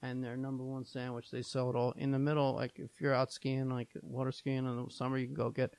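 A Long Island, New York business owner guests on a podcast, speaking a little fast at a medium pitch, monotone and slightly mellow with vocal fry, in a dry recording. He tells stories in casual chat, rambling with lots of "like" and acting out the voices of people in his anecdotes.

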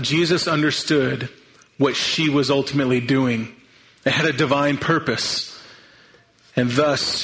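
Guy giving a sermon, kinda high voice, earnest, restarts his sentences a lot. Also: fairly bright tone, poor audio. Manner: earnest, thinking aloud with restarts. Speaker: pastor.

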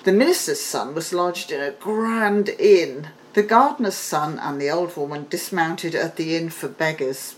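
A woman on the library staff reading a fairy tale aloud in an expressive storytelling manner. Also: sits low, measured pace, few pauses.

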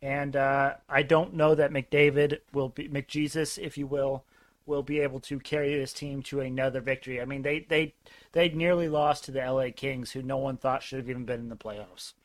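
This podcast co-host has a medium-pitched, steady voice and speaks at a moderate pace. He chats casually about hockey and sports betting in a laid-back, somewhat hesitant manner.

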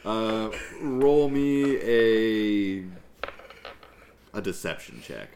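Man, game master, deep low voice, slow unhurried delivery, halting with lots of fillers. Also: animated, darkish tone, slight background noise. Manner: halting, full of fillers and restarts. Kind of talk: narrating a tabletop game.

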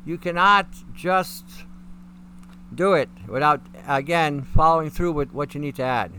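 A man's voice: fairly high pitch, measured pace, sharp tone, a little hiss or hum. A middle-aged man hosting a live stream, talking in a rambling, folksy way as he answers chat questions.

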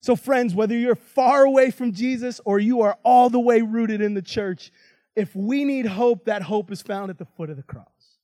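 High-voiced male guest preacher. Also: moderate pace, no echo. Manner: conversational, animated storytelling with asides. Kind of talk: sermon.

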